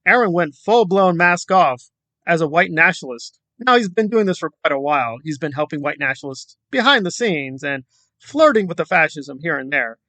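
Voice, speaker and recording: A commentary YouTuber launches into a combative, sarcastic rant packed with rhetorical questions for his vlog. His voice is a little high and expressive, bright and forceful, delivered at normal speed with no room sound.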